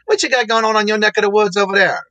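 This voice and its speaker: A man's voice: high-pitched, pushed and bright, dry recording, lo-fi sound. A man hosting a casual livestream, greeting viewers in the chat by name and laughing often. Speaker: livestream host.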